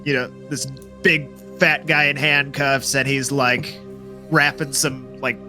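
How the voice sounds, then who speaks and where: A man's voice: mid-range voice, level tone, slow, music in the background. A man narrating as game master in a loose, casual way, full of fillers.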